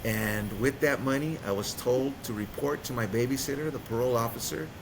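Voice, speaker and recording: A man's voice: fairly quick, crowd noise, rough recording. Earnest man telling his recovery story. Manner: earnest, storytelling, drops quiet at heavy points. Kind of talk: personal testimony in conversation. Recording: vehicle rumble behind.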